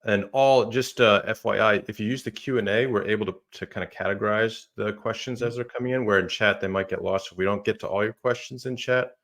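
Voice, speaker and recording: Low-voiced man moderating a live Q&A. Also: steady tone, fairly quick, few pauses, a bit bright. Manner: reads out audience questions, friendly and upbeat. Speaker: moderator and publication founder. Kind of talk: hosting a live online Q&A.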